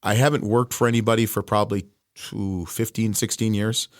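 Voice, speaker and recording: Middle-aged canadian guy, lowish voice, rambling storyteller type, dry close sound. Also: steady tone, fairly quick, dry recording. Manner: chatty storyteller, frequent restarts and asides. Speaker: guest, wine distributor. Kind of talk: casual interview chat.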